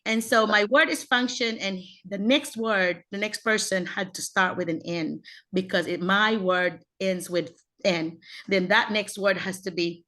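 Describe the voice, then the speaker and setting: Woman, teacher trainer, lively roundtable talk, video call. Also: unhurried. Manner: animated, acts out teaching voices with big pitch jumps and frequent laughs.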